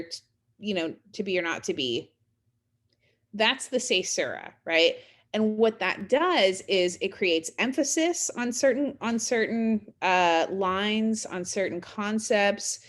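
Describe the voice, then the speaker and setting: A middle-aged woman, a college English instructor, explaining ideas in a recorded video lecture, talking in an explanatory way with frequent fillers and restarts. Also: on the low side.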